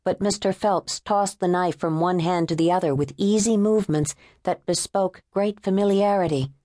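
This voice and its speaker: A woman narrating an unabridged thriller audiobook in a measured, tense storytelling manner. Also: on the low side, warm tone, dry recording, clean studio sound. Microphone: close studio mic.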